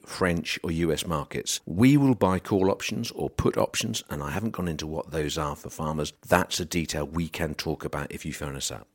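A man from England, a grain trader hosting a casual radio chat, telling self-mocking anecdotes. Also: very deep voice.

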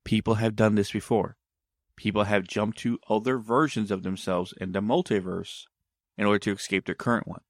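A man's voice: lowish voice, steady tone, moderate pace, dry recording, studio quality. A man telling a story in casual conversation, meandering and often backtracking to explain himself.

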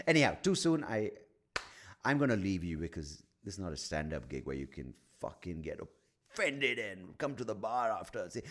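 Lively ranting man. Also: low-pitched, normal speed. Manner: ranting, profane, sardonic. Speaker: podcast host. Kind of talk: solo podcast rant.

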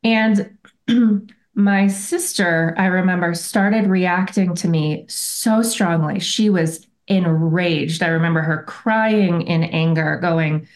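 Earnest low-voiced woman podcast guest. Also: slow pace. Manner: reflective and earnest, often self-correcting. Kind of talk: conversational interview storytelling.

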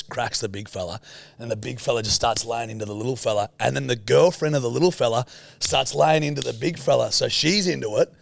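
A man's voice: medium pitch, a little fast, creaky, no room sound. A man with an Australian accent, a podcast co-host telling a story in casual, sweary chat.

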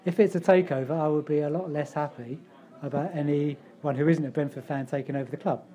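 A man giving a measured, articulate opinion on a casual football fan podcast. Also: fairly high pitch, fairly even intonation, mellow. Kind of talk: casual pub podcast chat.

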